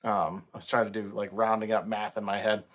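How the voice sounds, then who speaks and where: A man's voice: lowish voice, flat delivery, a little fast, fairly bright tone. A man co-hosting a sea shanty show, leading songs and explaining them in a hesitant, casual way. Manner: hesitant, many fillers, sings lead lines. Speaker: co-host singing sea shanties. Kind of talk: casual chat and shanty singing.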